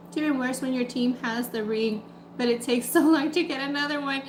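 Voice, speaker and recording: A woman's voice: a little high, brisk, roomy sound, slight background noise, low-quality recording. A woman food vlogger chatting casually and telling a story while she eats. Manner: chatty, animated retelling with quoted voices.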